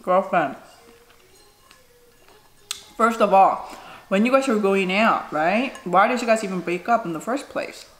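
A woman's voice: medium pitch, unhurried, pauses often, soft background music. A woman in her thirties, a mukbang vlogger chatting casually while eating and giving frank advice. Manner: chatty, gives frank advice, says "you know" often. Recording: echoey room with faint noise.

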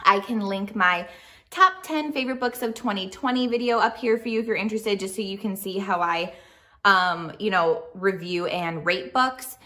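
A young adult woman vlogging in a chatty, excited way, with frequent fillers and restarts. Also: mid-range voice, moderate pace. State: speaking softly near a sleeping baby. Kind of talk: casual storytelling vlog.

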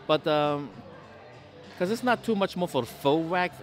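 A man's voice: fairly high pitch, lively intonation, unhurried, soft background music. A man hosting a casual food vlog in a sports bar restaurant, chatting and rambling through anecdotes. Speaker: food and travel vlogger.

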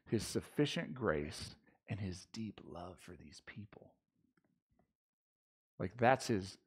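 A pastor with a lowish, darkish voice delivers a casual sermon in a church sanctuary. He talks loosely, using slang and restarting his sentences often.

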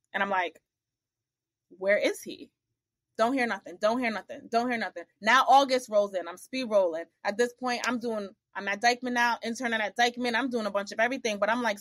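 Young woman, higher voice, animated casual storyteller, dry booth sound. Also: no echo. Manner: animated, acts out quoted dialogue with big pitch jumps. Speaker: podcast guest.

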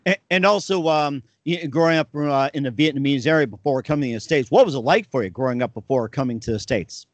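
A man's voice: mid-range voice, fast, no echo. Dry-voiced male interview host. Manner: brief affirming, stumbling questions. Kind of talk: interview questions.

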